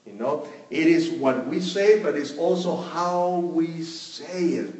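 Slow pastor in an echoey room. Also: male voice, a little high, a little mellow, recorded from a distance. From Mexico. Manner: slow, measured preaching with many "you know" fillers. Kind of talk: sermon.

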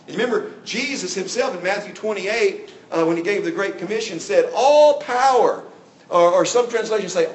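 A man preaching an earnest sermon in a church, his emphasis rising and falling as he acts out the voices he quotes. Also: high-pitched. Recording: echoey room, mic at a distance.

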